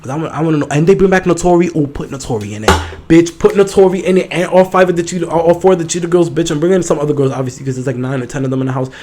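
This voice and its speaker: A man's voice: a little high, very fast, warm tone, a little hiss or hum. A young man hosting a solo podcast, chatting casually in a sassy, profane, campy manner. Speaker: podcast host.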